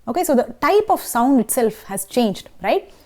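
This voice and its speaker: Slightly high and a little mellow, this woman's voice swings widely in pitch at a normal speed. She has an Indian English accent and gives an instructive singing lesson, explaining technique and frequently checking in with the listener.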